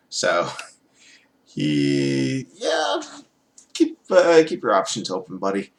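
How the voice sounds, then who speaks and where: A man's voice: medium pitch, huge pitch swings, slow, creaky, long pauses. A man reviewing a TV show in a casual video, rambling and sarcastic, with many fillers.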